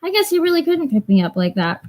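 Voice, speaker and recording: A woman's voice: very high-pitched, very animated, fast talker, darkish tone, voice pushed up. A woman putting on an aloof female house cat, dry and reluctant. She gives ground only grudgingly and sounds mildly put out.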